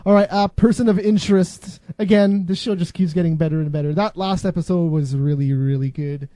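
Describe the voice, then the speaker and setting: Guy hosting a chatty call-in show, jokey and rambly, dark mellow voice. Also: high-pitched, brisk, no room sound. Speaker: podcast host. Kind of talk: casual call-in show chat.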